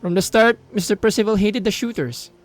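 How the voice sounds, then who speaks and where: A man's voice: high-pitched, brisk. A young man with a Filipino accent playing a mobile game, reading its story text aloud and cheering. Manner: excitable, reads on-screen story text aloud, mixes in Tagalog asides. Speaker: gaming YouTuber.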